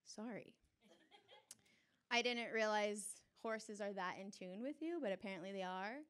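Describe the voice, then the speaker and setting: A young adult woman telling a personal story on stage before a live audience, animated and chatty, often laughing. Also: medium pitch, unhurried, clean tone.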